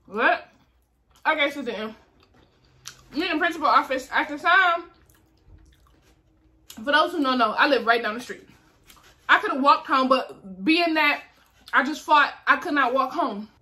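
A young woman vlogger telling a story in casual chat, animated and acting out the people in it. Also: sits high. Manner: animated, acts out voices in her story.

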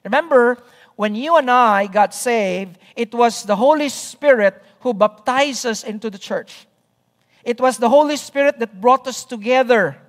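Slow, deliberate pastor in reverberant hall. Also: mid-range voice. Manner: deliberate, repeats key phrases, checks in with "All right?". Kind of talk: sermon.

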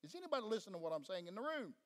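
Man, Southern accent, preacher, high-pitched, emphatic delivery, long hall reverb in a church. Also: very animated, rapid-fire. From Tennessee. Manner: fervent, emphatic, questions the congregation. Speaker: pastor. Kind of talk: sermon. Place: church sanctuary.

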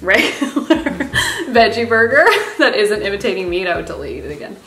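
A woman's voice: mid-range voice, big pitch swings, fairly quick, fairly bright tone. A woman taste testing food in casual chat, bubbly and giggly. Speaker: taste tester. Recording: roomy room with background music.

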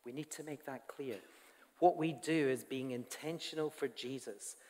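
A man's voice: mid-range voice, normal speed, dark tone. A man giving a sermon to his congregation, earnest and conversational, with asides to the people in front of him. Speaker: pastor. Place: church hall. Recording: long church reverb.

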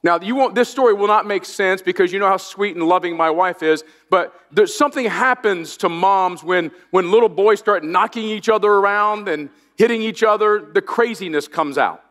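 High-voiced pastor in a big reverberant church. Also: male voice, moderate pace, hardly any pauses, a bit bright. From Indiana. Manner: storytelling, self-deprecating, many restarts. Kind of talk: sermon. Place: large church auditorium. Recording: long reverb of a large church.

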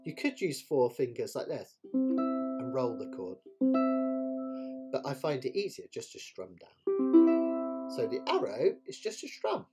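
A man teaching a live online ukulele lesson, chatty and self-deprecating, explaining each point as he demonstrates it. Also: mid-range voice. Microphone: webcam setup with close camera. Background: ukulele playing.

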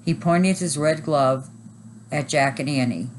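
A woman teacher reading a chapter book aloud at a steady, even pace. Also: low-pitched, unhurried, a little hiss or hum, low-quality recording.

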